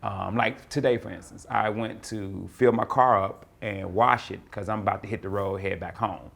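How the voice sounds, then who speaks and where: A man from North Carolina, a comedian answering interview questions in a relaxed, rambling way, often repeating words. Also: lowish voice, moderate pace, gravelly. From North Carolina, USA.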